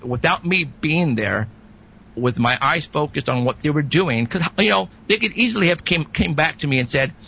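Male guest, rambling storyteller: gravelly texture, bright edge, lots of restarts. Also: on the high side, moderate pace, poor audio. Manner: rambling, animated, many restarts. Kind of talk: casual storytelling.

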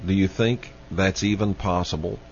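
A man hosting a late-night call-in radio show, speaking deliberately and repeating his questions to listeners. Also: low voice, fairly even intonation. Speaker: radio talk show host. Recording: muffled lo-fi radio broadcast with faint hiss.

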